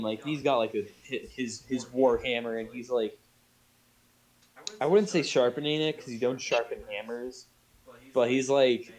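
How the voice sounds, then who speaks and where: A man's voice: mid-range voice, a little mellow, low-quality recording. A man narrating a tabletop game as game master, rambling with many fillers. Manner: rambling, full of fillers and restarts.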